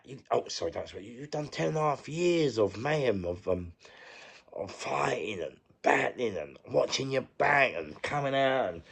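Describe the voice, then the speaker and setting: A middle-aged former prisoner with a London accent tells his story as an interview guest, rambling and candid, repeating himself, searching for words and swearing freely. His mid-range voice is creaky and a bit bright.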